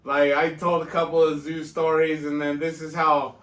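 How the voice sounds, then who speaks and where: A man's voice: on the high side, little pitch movement, moderate pace, crowd noise. A man co-hosting a podcast, telling a profane story casually and laughing often. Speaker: podcast co-host. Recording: echoey room, mic at a distance.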